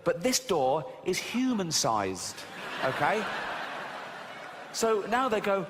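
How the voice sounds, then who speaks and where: A stand-up comedian performs on a live stage in a large venue, ranting animatedly and doing silly voices while the audience laughs. His voice sits high with big pitch swings and a slow pace. The background is noisy, with live hall reverb.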